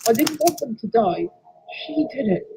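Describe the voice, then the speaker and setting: A possessed engine begs in a tearful, high voice, as a woman acts her out. Her pitch jumps about wildly. Keyboard clicks sound behind her. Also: expressive, normal speed, noisy background, lightly acted. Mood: pleading. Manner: pleading, tearful.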